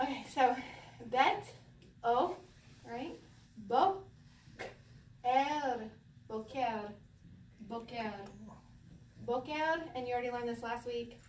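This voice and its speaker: A fairly high-voiced woman leads a relaxed class, joking and laughing as she goes. She sits back from the microphone in a roomy, echoing space, with a faint hiss of room noise underneath. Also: far from the mic. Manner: playful, laughs often, sing-song when demonstrating. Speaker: Hebrew teacher. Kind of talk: casual classroom teaching.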